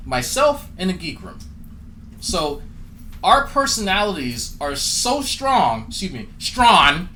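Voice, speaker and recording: A man's voice: high-pitched, fairly bright tone, slight background noise, rough recording. A man doing profane, mocking commentary as a streamer, sarcastic and swearing often.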